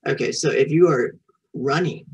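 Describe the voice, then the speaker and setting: A woman's voice: extremely low pitch, moderate pace, vocal fry, a little mellow, breathy edge, far from the mic, low-quality recording. A woman reading a picture book aloud to a young child, patiently repeating French words and encouraging the child to say them back. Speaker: children's storyteller and French teacher.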